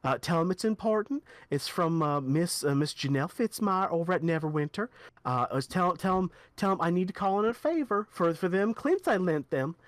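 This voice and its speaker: Man as a chatty folksy woman in charge, tabletop game, fairly high, dry. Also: lively intonation, brisk, dry recording. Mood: rambling. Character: folksy woman officer giving orders.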